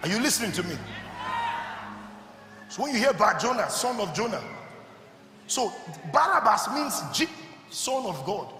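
A man preaches with a high, bright voice and swings his pitch up and down. He keeps checking that the congregation is listening and rises into fervent shouting. The sound rings through a long, echoing hall, with faint music behind him. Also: very animated, normal speed, long pauses. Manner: call-and-response, often asking the congregation if they are listening; builds to shouted, fervent exhortation. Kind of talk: sermon. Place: large church hall.

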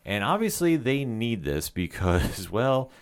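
A man's voice: medium pitch, sing-song, a little slow, clean tone. A man co-hosting a casual podcast, steadily summarizing the plot of an episode. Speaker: podcast co-host. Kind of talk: casual chat recapping a TV episode.

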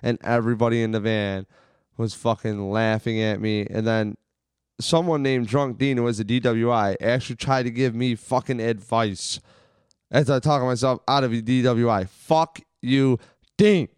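A man's voice: mid-range voice, fairly even intonation, moderate pace, smooth, no room sound, studio quality. A man telling a long, profane, rambling story on a casual podcast, from Western New York. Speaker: podcast co-host.

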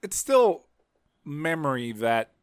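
A man co-hosting a podcast, throwing in lively, profane jokes and acted lines in casual banter. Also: fairly high pitch, slow, clean tone, no room sound, clean studio sound. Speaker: podcast co-host.

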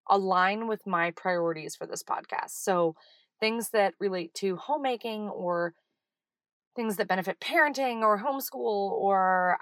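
A woman's voice: on the low side, fairly bright tone, no room sound. A woman, chatting casually as a podcast host from her parked car, laughing at herself. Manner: chatty, self-deprecating, laughs easily. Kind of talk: casual chat. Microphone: handheld mic in a car.

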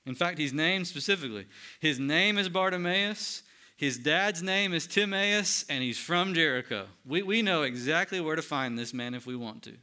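A man preaching a sermon, swinging between loud emphatic lines and hushed, quiet ones. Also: fairly high pitch, expressive, moderate pace, clear, resonant tone. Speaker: pastor.

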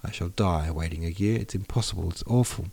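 A man's voice: sits low, a little fast, gravelly, a little mellow, husky, exaggerated voice. A man voicing a passionate, tearful young countess's daughter with a pleading, breathless delivery. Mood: distressed.

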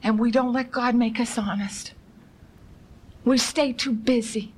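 A woman's voice: a little high, steady tone, a little slow, a little mellow, husky, poor audio. A woman preaching an urgent, impassioned sermon, pressing her listeners with rhetorical questions and pleading repetition.

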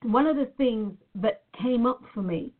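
Woman, somewhat high voice, earnest, reflective, repeats herself, phone-like sound. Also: a little slow. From Nevada, USA. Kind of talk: personal monologue to viewers.

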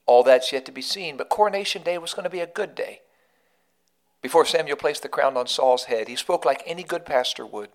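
A man hosts a devotional podcast, telling a story earnestly and emphatically with lots of repetition. His voice is fairly high and he speaks a little fast.

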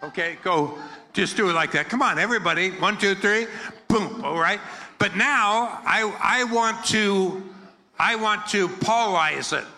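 Bright-voiced American preacher, joking with the crowd. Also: male voice, high voice, unhurried. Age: older. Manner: joking, playful, leads the crowd in chants. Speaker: guest preacher. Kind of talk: energetic sermon with crowd call-and-response. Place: church hall with a congregation.

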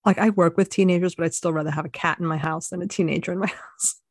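A woman's voice: fairly low pitch, steady tone, quick pace, breathy edge, no echo, clean studio sound. A woman co-hosting a podcast, chatting casually and upbeat, explaining things from her prepared notes. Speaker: podcast co-host. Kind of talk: casual chat.

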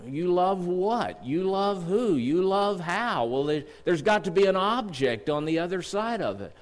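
A middle-aged man preaching a sermon in a church, earnest and storytelling, slowing down to read scripture. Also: sits high, animated. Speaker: district superintendent preaching. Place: church sanctuary. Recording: long church reverb.

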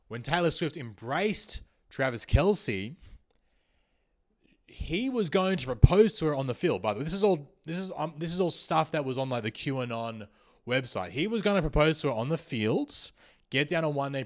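A young man hosting a comedy podcast, riffing through a satirical monologue with rambling restarts and sudden loud bursts of emphasis. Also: mid-range voice.

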